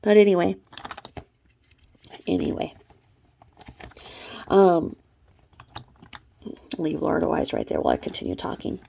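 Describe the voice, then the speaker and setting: A woman's voice: on the low side, wildly swooping pitch, unhurried, vocal fry, long pauses, warm tone. A woman hosting snarky gossip commentary, profane, mocking and blunt. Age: adult mother. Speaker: commentary channel host.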